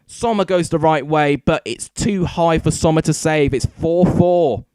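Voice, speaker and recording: A man hosting a football watchalong, giving excitable live commentary into a desk microphone and breaking into shouts at big moments. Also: a little high, a little slow, clean tone, no room sound, studio quality. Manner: excitable, erupting into shouts at goals.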